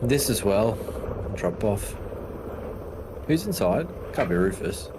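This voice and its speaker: Man, relaxed gaming chat, low voice, audible noise behind. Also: slow. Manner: easygoing, laughs along. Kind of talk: casual chat while playing.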